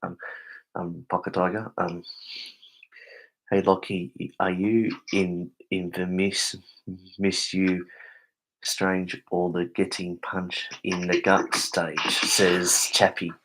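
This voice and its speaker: Low, slow-talking Australian man. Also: flat delivery, a bit bright, poor audio. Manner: stammering, reads chat messages aloud; keeps voice down, people sleeping. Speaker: livestream host. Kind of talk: casual late-night live stream chat.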